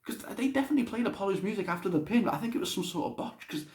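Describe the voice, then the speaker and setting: A man's voice: sits high, expressive, racing. A young man giving a casual, blunt spoken review, swearing freely. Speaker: wrestling show reviewer. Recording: roomy echo.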